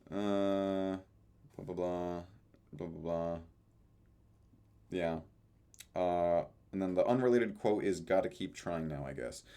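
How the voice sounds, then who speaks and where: A man's voice: low-pitched, a little mellow. A young man casually reading out his own journal and planner entries, with offhand dry asides and frequent fillers. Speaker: vlogger.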